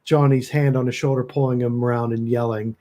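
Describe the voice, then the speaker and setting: A man's voice: medium pitch, little pitch movement, a little fast, warm tone. A man playing a tabletop horror game, describing what his character does. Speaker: player.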